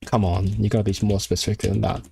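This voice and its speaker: A Hong Kong man speaks fast in a flat, low voice that's creaky and warm with a breathy edge. Indoors at his computer, he chats casually on a live stream, thinking aloud over language flashcards with lots of fillers and restarts.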